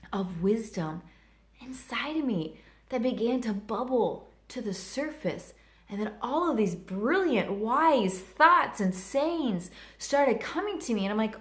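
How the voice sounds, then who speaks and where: A woman in her thirties speaks unhurriedly in a medium-pitched voice with lively intonation, in an echoey room. Telling a personal story on her vlog, she's earnest and heartfelt and says "like" a lot.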